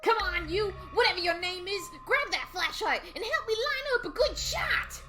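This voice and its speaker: A woman voicing a bold, brash young woman who hunts cryptids, with a loud, commanding delivery. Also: on the high side, unhurried, over music. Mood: urgent.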